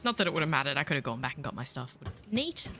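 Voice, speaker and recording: A woman's voice: low voice, very animated, quick pace, background noise. Chatty Australian woman streaming a game. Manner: chatty, self-mocking, playful. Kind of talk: casual let's-play commentary.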